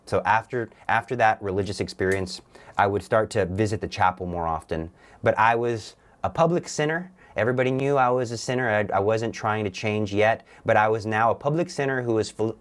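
A young man sits as a guest on a talk show and tells his own story in earnest. He talks haltingly, with restarts and repeats. His voice sits a little low. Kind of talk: personal testimony on a talk show.

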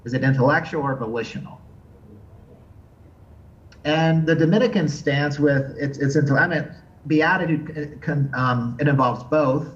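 A man giving an unscripted theology lecture, earnest and thoughtful, often pausing and restarting as he searches for words. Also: fairly high pitch, highs cut off. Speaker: theology teacher.

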